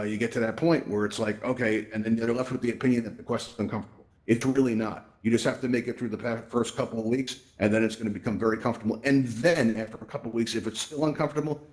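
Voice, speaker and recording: Fast-talking, chatty man presenting. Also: fairly low pitch. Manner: chatty, jokey storyteller with many fillers. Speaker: event host. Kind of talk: live presentation in a virtual world.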